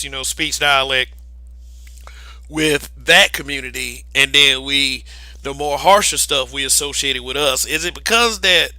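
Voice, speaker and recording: A man's voice: a little high, pushed and bright, no room sound, poor audio. A man co-hosting a casual podcast discussion, talking emphatically with frequent restarts. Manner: emphatic, many restarts, laughs between points. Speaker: podcast co-host.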